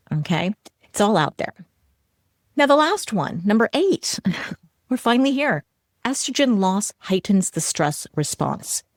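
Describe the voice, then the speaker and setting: A middle-aged woman hosts a solo educational show, talking in a chatty, animated way with easy laughs. Her voice sits low with a gravelly fry, and the sound is dry and close. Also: no room sound. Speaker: podcast host.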